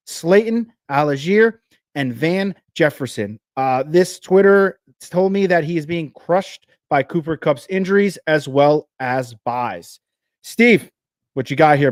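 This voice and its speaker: Jersey guy hosting fantasy football live, fast energetic talk, kinda high voice, dry sound. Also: dry recording. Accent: New Jersey. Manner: energetic, fast, restarts often. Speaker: fantasy football show host.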